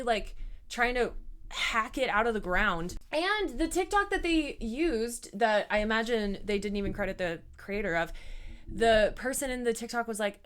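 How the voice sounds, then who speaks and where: A young woman giving a blunt, sarcastic commentary, peppered with swearing and "like" fillers. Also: mid-range voice. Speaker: YouTuber. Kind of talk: casual commentary vlog.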